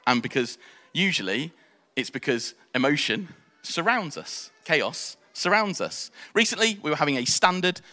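Man, sermon, lively swooping pitch, slightly high voice, acts out quotes. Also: normal speed, in a large hall. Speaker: preacher.

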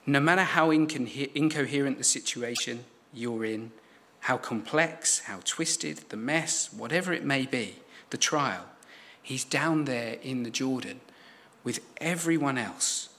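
A man preaching a sermon, measured and emphatic, repeating key phrases for weight. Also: mid-range voice, pushed and bright.

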